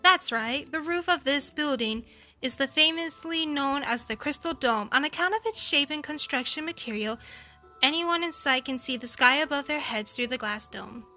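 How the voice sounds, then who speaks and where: A woman voicing a proud middle-aged male palace warden, a former navy cook, reading game dialogue aloud in a boastful, drawn-out way with a loose, vague accent. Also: high voice, sharp tone, faint music behind, pitched above the performer's own voice. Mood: explaining.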